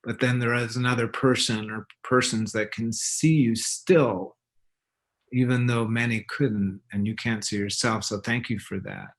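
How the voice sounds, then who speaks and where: Appreciative man in mid pitch. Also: fairly even intonation, unhurried. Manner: appreciative, reflective. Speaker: guest expert. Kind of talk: interview conversation.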